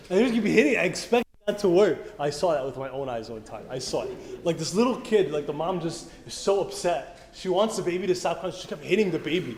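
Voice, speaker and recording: Now the voice is high-pitched and animated, at normal speed and a little mellow. The man keeps his youth-meeting sermon relaxed and chatty, frequently asking the audience questions, while the hall echoes with faint room noise behind him.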